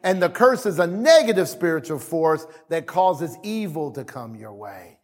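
A man's voice: fairly high pitch, very animated, normal speed. A man preaching a sermon as pastor, repeating phrases and calling on the congregation to answer back.

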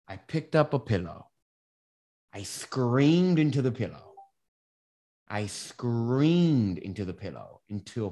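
A self-help coach giving candid casual advice, explaining through a personal story with frequent restarts. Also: medium pitch. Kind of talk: casual advice monologue to camera.

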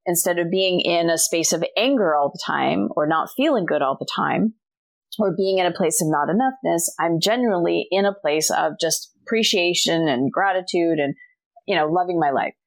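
A middle-aged woman, a guest author, telling a personal story in a casual interview and acting out the dialogue. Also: lowish voice. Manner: animated storyteller, acts out quoted dialogue.

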